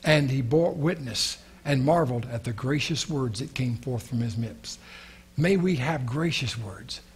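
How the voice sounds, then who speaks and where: A man's voice: medium pitch, animated, unhurried, breathy edge. A male pastor preaching a sermon, earnest and prayerful, repeating key phrases.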